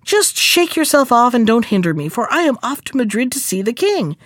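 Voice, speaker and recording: A woman's voice: sing-song, brisk, a bit bright, no room sound, studio quality. A woman doing a scornful little half-chick. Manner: curt and scornful, shrill when begging. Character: selfish boastful little half-chick, male.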